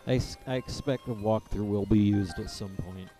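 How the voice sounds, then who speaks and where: A man chatting casually while streaming a game, offhand and relaxed. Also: fairly low pitch, moderate pace, faint music behind. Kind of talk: casual gaming stream chat.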